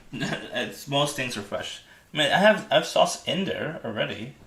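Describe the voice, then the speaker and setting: A man's voice: medium pitch, big pitch swings, measured pace, a bit bright, reverberant. Hesitant man eating on a livestream. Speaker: livestream host. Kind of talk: casual livestream chat while eating.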